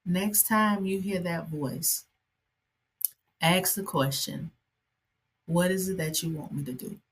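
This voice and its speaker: Woman doing an elderly grandmother, gentle, serious, low husky voice, slow. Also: steady tone.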